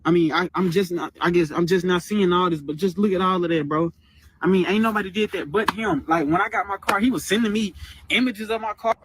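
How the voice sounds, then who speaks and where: There's background noise as a twenty-year-old man with a high voice tells his story as a guest. He's venting about family in a fast, repetitive, rambling way, clearly feeling aggrieved.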